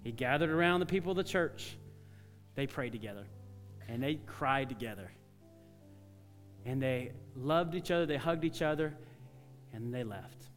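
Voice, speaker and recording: A man's voice: mid-range voice, animated, normal speed, pauses often, soft background music. Man preaching in a reverberant church. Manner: conversational storytelling, drops to soft earnest tones. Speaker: pastor. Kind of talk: sermon. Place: church sanctuary.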